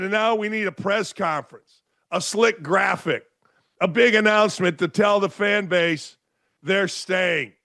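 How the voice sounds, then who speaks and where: An older man hosting a sports show, ranting loudly and sarcastically with mocking impressions. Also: high voice, creaky. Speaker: sports radio host.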